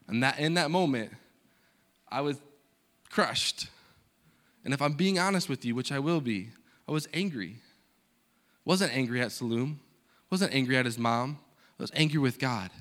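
A young man, a guest speaker at a church, telling a personal story in a sermon and acting out the dialogue with lively energy. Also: medium pitch, normal speed. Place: church stage.

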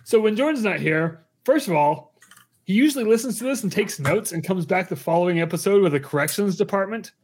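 A man hosting a comedy podcast, playful and quick to laugh in casual banter. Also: high voice, expressive. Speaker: podcast host.

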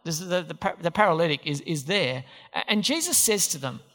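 A man's voice: fairly high pitch, lively intonation, fairly quick, pushed and bright. A man preaching a sermon in a church, talking conversationally and quizzing the congregation with questions. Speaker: pastor. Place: church hall. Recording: hall reverb.

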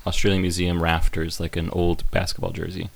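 A podcast co-host with a very deep voice who delivers his jokes in an understated, dry way. The sound is close and dead, with no echo. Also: completely flat delivery, brisk, gravelly. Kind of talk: casual comedic chat.

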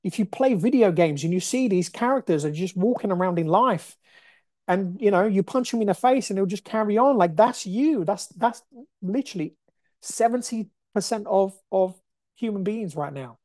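A woman gives a motivational podcast monologue in a blunt, fired-up, foul-mouthed manner. Her voice is warm and mellow. It is recorded dry, with no room sound. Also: medium pitch, expressive, moderate pace, dry recording. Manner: blunt, profane, impassioned ranting. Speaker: podcast host.

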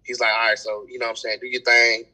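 Animated young man with a bright voice. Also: medium pitch, fast, low-quality recording. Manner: animated storytelling with casual slang. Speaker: event host and promoter. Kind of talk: casual podcast conversation.

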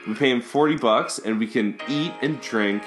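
A man's voice: medium pitch, moderate pace, over loud music. A man in his thirties, hosting a podcast, who tells a rowdy, profane story and laughs often. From Canada. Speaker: podcast host. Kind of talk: casual storytelling.

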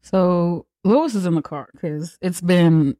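A podcast host recapping a film in a loose, profane, storytelling way, dropping into quick voices for the characters. The voice is mellow and warm, and it sits close and dry with no room sound around it. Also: medium pitch, no room sound. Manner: acts out characters' lines mid-story.

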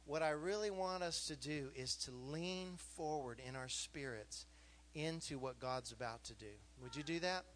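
A man in his fifties preaching with an animated, joking delivery and a fairly high voice. He keeps turning to the congregation with questions. A faint hum sits under the live church recording. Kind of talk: sermon.

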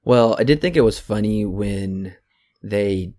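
A man co-hosting a podcast, chatting casually about a movie and mocking scenes with quick put-on voices. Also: on the low side, a little mellow. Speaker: podcast co-host. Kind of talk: casual movie review chat.

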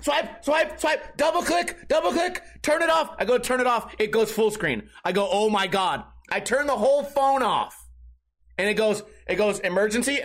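A young man hosting a podcast, telling a rambling, swearing comedic story and acting out panicked shouts. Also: sits high. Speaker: podcast host. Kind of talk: casual comedic monologue.

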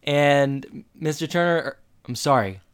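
A man's voice: fairly high pitch, expressive, unhurried, clean tone. A man co-hosting a casual chat, retelling a TV episode and acting out characters' lines in a playful way. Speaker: podcast co-host.

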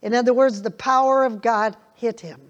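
A woman's voice: on the high side, fairly even intonation, moderate pace, lo-fi sound. An older woman preaching a sermon in a folksy way, chuckling often and repeating scripture lines with emphasis.

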